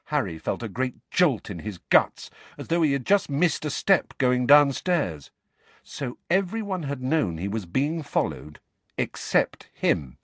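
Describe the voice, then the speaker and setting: A man narrating an audiobook in a measured, expressive way, close to the mic. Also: mid-range voice, no echo. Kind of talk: scripted narration.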